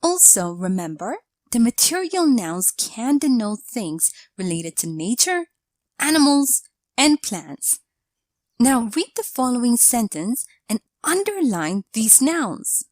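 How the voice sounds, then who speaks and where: A woman narrating a scripted English grammar lesson in a measured, explanatory way, reading out example sentences. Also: fairly high pitch, sing-song, dry recording.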